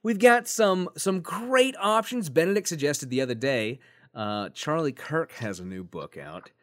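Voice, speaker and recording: A man's voice: on the high side, lively intonation, unhurried, fairly bright tone. A man co-hosting a podcast in a casual, joking chat, thinking aloud with fillers as he goes. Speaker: podcast co-host.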